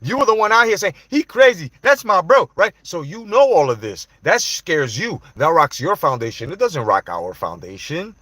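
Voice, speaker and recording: A man's voice: fairly high pitch, a bit bright, no room sound. A man hosting a live stream, confronting people directly in a heated, profane rant to his viewers. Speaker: livestream host.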